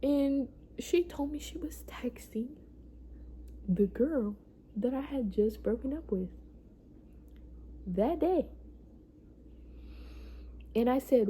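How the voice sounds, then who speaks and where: A young woman with a fairly high voice tells a personal story at an unhurried pace. She talks with raw feeling and swears freely, circling back over the same points for emphasis. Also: expressive, dark tone, a little hiss or hum. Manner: emotional, swears often, repeats for emphasis. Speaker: vlogger. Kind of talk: casual storytime.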